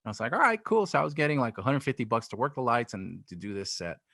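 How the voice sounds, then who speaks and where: A man's voice: mid-range voice, racing, creaky, no echo, studio quality. A man, a DJ guest, telling a story in a casual interview and acting out the lines of the people in it. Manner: animated, acts out quoted dialogue.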